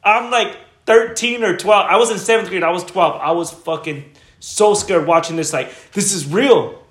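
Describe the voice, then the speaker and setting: A man co-hosting a podcast, telling a story in a casual, profane, animated way. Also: high-pitched, moderate pace, roomy sound. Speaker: podcast co-host.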